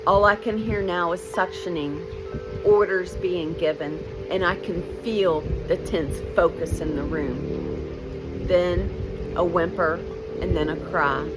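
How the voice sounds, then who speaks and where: A woman in her fifties tells a personal story with a fairly low pitch, lively and blunt, throwing emotional asides to the listener. The audio quality is poor.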